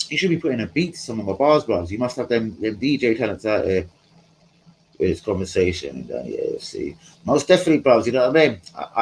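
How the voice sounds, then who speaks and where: A man's voice: medium pitch, darkish tone, slight background noise, poor audio. A man hosting a live stream from home, chatting casually in a rambling, slangy way and talking to his viewers. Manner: rambling, slangy, talks to chat.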